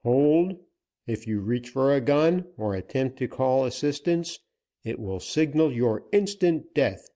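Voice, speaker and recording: A grim western gunman laying down his terms, voiced by a male audiobook reader. He speaks coldly and deliberately, slow-paced, with a dark, mellow tone and only slight lift above the reader's plain voice. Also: mid-range voice, expressive. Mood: commanding. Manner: commanding, cold, deliberate. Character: grim, steely male gunman seeking vengeance.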